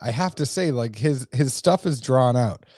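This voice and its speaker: Joking New England man, mellow voice. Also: medium pitch, animated, normal speed, dry recording. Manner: joking, chatty. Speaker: podcast co-host. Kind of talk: casual chat over drinks.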